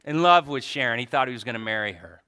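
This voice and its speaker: A man with a bright, crisp, resonant voice gives a heartfelt tribute to a congregation. He tells stories in a lively way, with loud animated bursts and soft, quiet asides. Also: medium pitch, fast.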